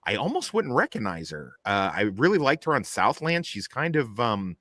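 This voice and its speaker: A man chatting casually about a film he saw, rambling and animated with lots of fillers and restarts. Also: medium pitch, normal speed, no room sound. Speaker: panelist. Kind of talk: casual film review chat.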